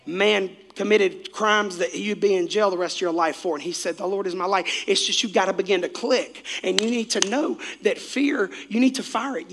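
A man preaching a Sunday sermon as pastor, animated and swinging between shouted lines and quiet asides. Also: sits high, creaky.

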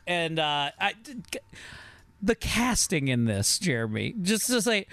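A man with a fairly high, bouncy voice rambles through a movie, swearing and laughing as he goes. The sound is close and dry. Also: big pitch swings, measured pace, sharp tone, clear, resonant tone, no echo. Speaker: podcast host. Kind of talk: casual movie commentary.

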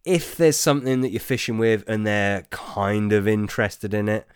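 A man hosting a casual chat, answering listener questions in a relaxed, rambling way with lots of ums and restarts. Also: on the low side, normal speed, clear, resonant tone, dry recording, studio quality. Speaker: podcast host.

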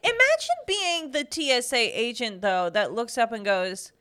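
A woman's voice: fairly high pitch, very animated, normal speed, bright, forceful tone, smooth. A woman co-hosting a casual chat about odd news stories, laughing often and swearing casually. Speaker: co-host.

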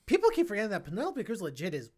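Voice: mid-range voice, rapid-fire. Chatty podcast co-host reviewing a film. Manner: animated, chatty, lots of fillers and restarts. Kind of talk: casual film review chat.

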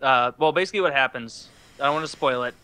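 A man in a casual chat, telling profane, animated stories and laughing as he talks. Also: medium pitch, quick pace, smooth. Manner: profane, animated storytelling, laughs while talking.

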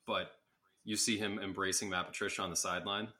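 A man's voice: low-pitched, little pitch movement, fast talker, pushed and bright. A man co-hosting a sports podcast, chatting casually with wry, sarcastic asides. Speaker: podcast co-host.

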